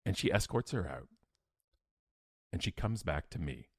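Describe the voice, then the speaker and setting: A man's voice: low voice, lively intonation, moderate pace, breathy edge, no echo, clean studio sound. A middle-aged man, a podcast guest telling a personal story in a blunt, emphatic, self-mocking way. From Canada.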